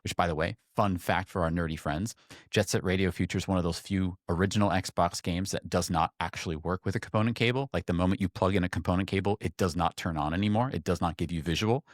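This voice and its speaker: Animated storytelling man, low and dry. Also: fast talker, no echo. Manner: animated, acts out quoted voices in a higher pitch. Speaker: podcast co-host. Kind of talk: casual storytelling chat.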